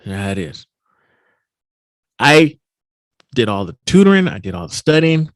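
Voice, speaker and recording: A man giving a keynote at a virtual summit, telling a personal story in an animated, emphatic way. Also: mid-range voice, measured pace, no echo. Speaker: keynote speaker. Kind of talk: storytelling talk.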